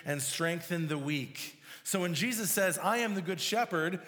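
Emphatic preacher in a ringing hall. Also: male voice, high-pitched, lively intonation, moderate pace, fairly bright tone. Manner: expository, emphatic, reads and explains scripture verse by verse. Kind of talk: sermon. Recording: long hall reverb.

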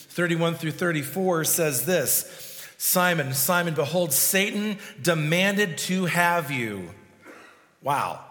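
A man's voice: fairly high pitch, big-room sound. A male pastor preaching a sermon, with frequent restarts and fillers. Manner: prays softly, then preaches with restarts and fillers.

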